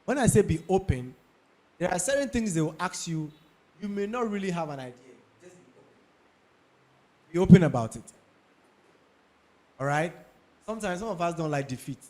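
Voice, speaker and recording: A man's voice: high-pitched, expressive, a little fast, long pauses, warm tone. A young Ghanaian man with a Ghanaian English accent, giving career advice to an audience; he repeats key points and keeps checking in with his listeners. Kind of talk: talk to an audience.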